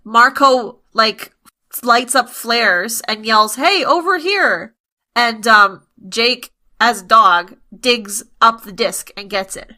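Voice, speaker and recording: A woman with a higher, bright voice co-hosts a casual podcast. She retells scenes sardonically and slips into quick mock quotes. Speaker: podcast co-host. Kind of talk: casual chat.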